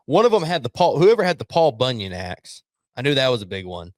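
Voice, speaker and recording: A man's voice: mid-range voice, very animated, brisk, no room sound, clean studio sound. Blunt, profane male podcast co-host. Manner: blunt, profane, acts out coaches' yelling. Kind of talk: casual sports chat.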